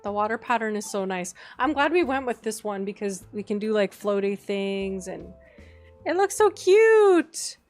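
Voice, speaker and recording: A woman's voice: medium pitch, moderate pace, few pauses, faint music behind. A woman streaming a game, chatting casually and gushing over her decorating, squealing when something looks cute.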